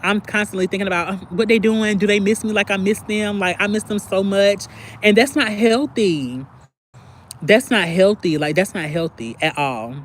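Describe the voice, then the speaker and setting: Slight background noise sits under a woman's medium-pitched voice as she hosts a livestream. She talks to viewers in a casual, confessional, candid manner, reacting to them and using lots of filler words.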